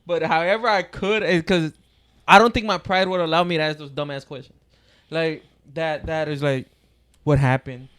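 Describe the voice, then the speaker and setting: A man's voice: a little high, steady tone, normal speed, a bit bright, smooth. A man co-hosting a casual podcast chat who laughs often and throws questions to the group. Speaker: podcast co-host.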